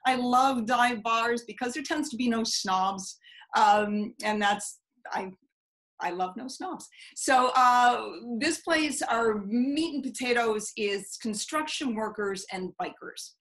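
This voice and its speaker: A woman's voice: a little high, rough recording. A woman who teaches storytelling, telling a personal story in a conversational way with plenty of fillers, over a video call. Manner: lively, conversational, with many fillers.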